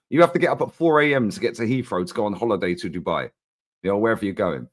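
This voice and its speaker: Animated man ranting about football. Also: lowish voice, very fast. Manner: animated, swearing, street slang. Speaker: co-host, Arsenal fan. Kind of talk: casual football chat.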